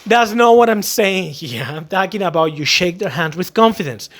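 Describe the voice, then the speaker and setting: A man with a notably high speaking voice gives casual, emphatic advice about selling and customer service. He talks in an animated way, often slipping into little acted-out scenes to make his point. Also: normal speed. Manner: animated, acts out quotes, emphatic. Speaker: vlogger giving sales advice.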